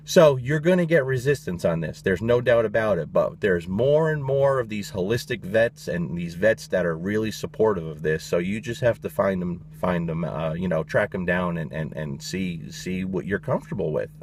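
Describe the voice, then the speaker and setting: A man's voice: deep voice, lively intonation, moderate pace, few pauses, darkish tone, a little hiss or hum. A man, a dog trainer, giving his opinions in a blunt, emphatic casual monologue, swearing freely.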